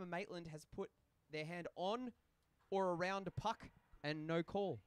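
A high, clear, resonant male voice at a measured pace, with no echo. It's a young Australian man giving casual live commentary on a social ice hockey game from a rink booth, joking and rambling in banter between play calls.

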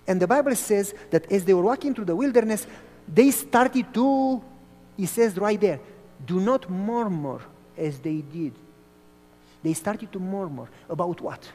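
Male pastor from Romania, storytelling sermon, high pitch, long hall reverb. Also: measured pace. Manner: animated storytelling preacher.

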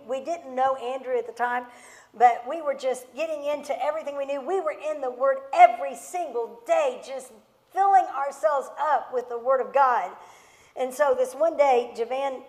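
A middle-aged woman pastor preaching a sermon through personal storytelling, impassioned and emphatic, repeating words for stress. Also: on the high side. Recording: long reverb of a large hall.

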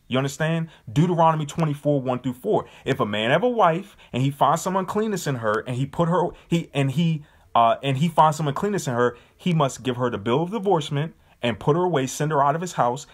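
A man's voice: on the high side, expressive, brisk, few pauses. A man leading a Bible study, speaking emphatically and casually and often asking his listeners whether they understand. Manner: emphatic, casual, with repeated rhetorical questions.

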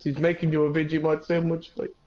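A man's voice: a little high, monotone, quick pace, dull audio. A young man on a gaming livestream, teasing his friends crudely and swearing between laughs. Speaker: gamer on a livestream. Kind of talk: casual gaming banter. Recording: clear background noise.

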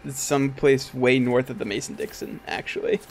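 A man co-hosting a game stream, chatting in an unhurried way and laughing often. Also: medium pitch, wildly swooping pitch, gravelly, a little mellow, a little hiss or hum. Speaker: streamer co-host. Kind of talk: casual gaming chat.

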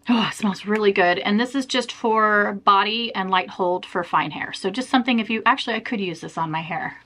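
A woman's voice: a little high, a bit bright. A young woman vlogging to camera in a chatty, self-deprecating way, laughing often. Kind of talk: casual chat to camera.

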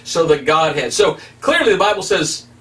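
A man's voice: fairly high pitch, sing-song, moderate pace, fairly bright tone, far from the mic. A man preaching as an evangelist, teaching Scripture with emphatic, rising stresses. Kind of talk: preaching Bible study.

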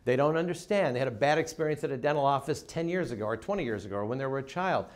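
A middle-aged man giving a seminar talk to dental office staff, emphatic and acting out phone calls in quick voice changes. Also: medium pitch, lively intonation. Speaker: dental practice consultant.

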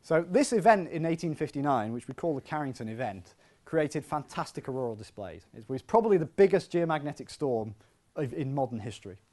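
A physics professor gives a public science lecture in a hall, keeping it lively and conversational and tossing in self-deprecating asides. His voice sits fairly high and he talks fairly quickly.

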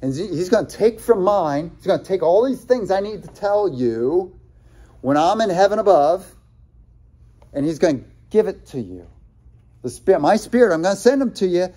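Jesus, as a man puts him on talks to his disciples in a casual, everyday way and reassures them. The voice sits somewhat high and is mellow, never grand. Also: lively intonation, moderate pace. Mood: reassuring.

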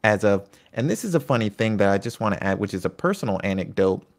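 A man with a somewhat low, gravelly voice talks through a history lesson in a relaxed, conversational way. He breaks off into asides and personal stories as he explains. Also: fast talker. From United States. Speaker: Catholic history presenter. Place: home in Virginia.

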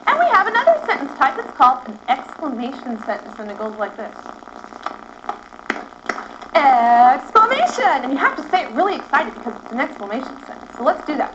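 A woman teacher leading a class through rhythmic chanting, energetic and coaxing, recorded in a school classroom. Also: sits high. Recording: dull lo-fi phone video with loud classroom noise. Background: children and classroom noise.

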